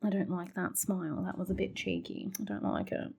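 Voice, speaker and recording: A woman hosting a reaction video, exclaiming, swearing and laughing through quick asides. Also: lowish voice, fairly even intonation, creaky, music in the background. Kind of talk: casual reaction commentary.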